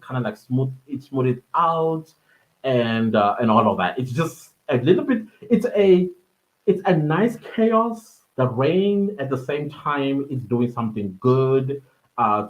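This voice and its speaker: A man's voice: mid-range voice, muffled recording. A man from South Africa with a South African accent, hosting a podcast live stream in a rambling, casual way, with many fillers and frequent chuckles.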